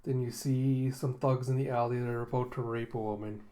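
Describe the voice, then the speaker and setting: A man's voice: medium pitch, fairly even intonation, brisk, warm tone. Casting: easygoing man narrating comic panels, loose and chatty, plenty of "uh" and "like". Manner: rambling, many fillers and chuckles. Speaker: manga readthrough host. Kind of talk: casual reading commentary.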